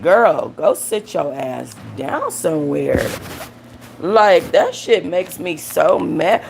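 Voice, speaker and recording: A woman's voice: on the low side, a little mellow, slight background noise. Heated, profane young woman ranting. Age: young adult. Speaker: host. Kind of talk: casual gossip commentary.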